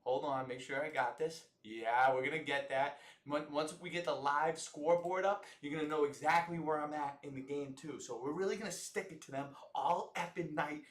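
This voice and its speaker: An American man hosting a live football watch-along, talking in an excitable, profane, rambling way. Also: fairly high pitch, normal speed, few pauses, echoey room. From United States. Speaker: host of an alternate sports broadcast.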